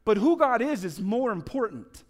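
A man preaching a sermon, telling stories with lively swings between loud, urgent lines and soft, hushed ones. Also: high voice, moderate pace, long reverb tail. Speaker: pastor.

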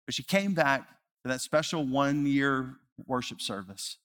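A male pastor preaching a sermon, earnest, rising to loud emphasis and dropping to hushed, slow repetition. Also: mid-range voice. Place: church sanctuary. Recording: reverberant church hall.

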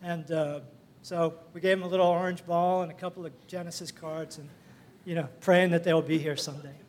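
An older man tells his story at a church gathering. His voice sits notably high, and he wanders through it with fillers, restarts and small laughs. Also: fairly even intonation, fairly quick. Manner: rambling, folksy, with frequent fillers and laughs. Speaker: church member sharing a testimony. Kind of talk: casual storytelling testimony.

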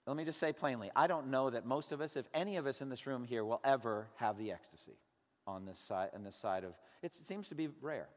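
A man preaching a sermon as pastor, earnest and emphatic, sometimes loud and sometimes dropping low. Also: a little fast. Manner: earnest, emphatic preaching with a wide range of loudness. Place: church sanctuary. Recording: long hall reverb.

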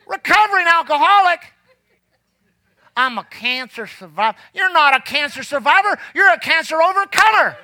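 Fervent high-pitched male preacher. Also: very animated, fairly quick, no echo. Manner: fervent, rising to shouts; drops low and quiet when telling his past. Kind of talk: sermon. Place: church.

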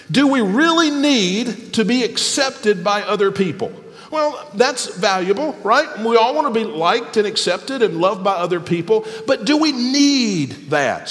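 Pastor guy preaching, voice swoops up and down a lot, echo hanging in a big church. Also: very high-pitched. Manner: animated preaching with emphatic pauses. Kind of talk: sermon.

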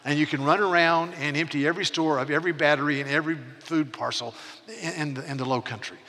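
A man in his sixties delivers a sermon with a bright, forceful edge, his voice ringing through the long reverb of a large hall. He preaches in an earnest, emphatic way, often doubling words as he presses a point. His pitch sits a little high for a man. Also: steady tone, fast talker. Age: 60s. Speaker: pastor.

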